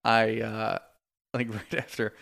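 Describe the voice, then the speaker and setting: A man's voice: fairly low pitch, completely flat delivery, takes it slowly, gravelly, fairly bright tone. A man co-hosting a podcast, chatting casually and candidly about a reality show, swearing freely. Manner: candid, swears freely, quotes cast members. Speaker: podcast co-host. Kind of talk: casual reality TV recap chat.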